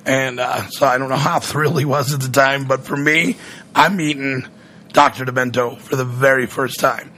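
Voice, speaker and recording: A man's voice: mid-range voice, fairly even intonation, normal speed, pushed and bright, a little hiss or hum. A man, a radio personality, telling a long story in casual chat, rambling and acting out what others said. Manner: rambling, acts out quoted voices.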